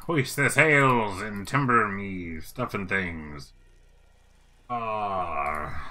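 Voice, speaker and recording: A man live-streaming his game programming, thinking out loud in casual chat, repeating himself and talking to his viewers. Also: fairly low pitch.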